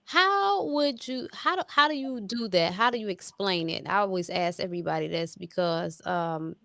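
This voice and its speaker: A woman's voice: on the low side, animated, moderate pace, creaky, a bit bright, no room sound, studio quality. A woman hosting an interview, loose and enthusiastic, swearing casually as she asks her questions. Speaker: interview host.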